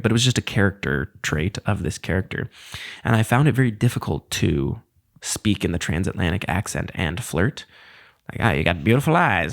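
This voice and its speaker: A man of about thirty talks through a solo podcast episode in a loose, rambling way and pokes fun at himself. His voice sits somewhat low and carries a gravelly, frayed texture. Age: around 30. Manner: rambling, self-deprecating, loose and conversational. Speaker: podcast host. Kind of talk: casual solo podcast monologue.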